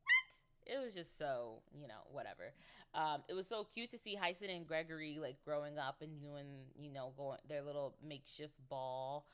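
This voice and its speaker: Young woman podcast host, low-pitched, rambling and giggly, casual solo chat. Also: moderate pace, clear, resonant tone. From United States. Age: 20s. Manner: chatty, giggly, rambling with playful asides.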